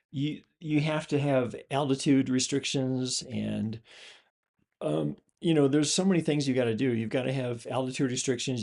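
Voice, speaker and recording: A man's voice: mid-range voice, vocal fry, darkish tone. A man, a host and former pilot, explaining a screen display in a loose, rambling way with many fillers and restarts. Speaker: channel host, former pilot and flight instructor.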